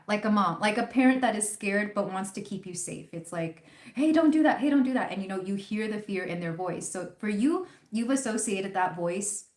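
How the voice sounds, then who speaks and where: A woman hosting a live tarot reading, chatting casually and rambling with fillers. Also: mid-range voice. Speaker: tarot reader hosting a livestream. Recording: roomy echo.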